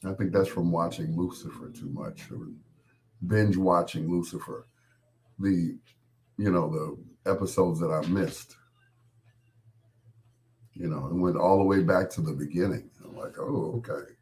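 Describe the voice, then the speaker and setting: Speaking low and unhurried with fairly even intonation and a darkish tone, a middle-aged man pauses often as he hosts his live stream. He's regaining his voice after an illness, and he jokes and rambles casually, addressing viewers directly.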